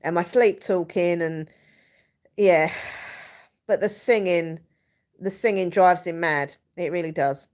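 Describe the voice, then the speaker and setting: A woman's voice: lowish voice, slow pace, pauses often, darkish tone. A young woman hosting a casual live chat from home, rambling and giggling as she reads viewers' comments. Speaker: live stream host.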